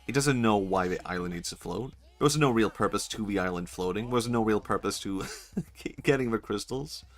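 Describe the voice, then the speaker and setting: A man's voice: fairly low pitch, brisk, faint music behind. Laughing, joking male streamer. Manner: joking, laughs often, swears freely. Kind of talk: casual gameplay commentary.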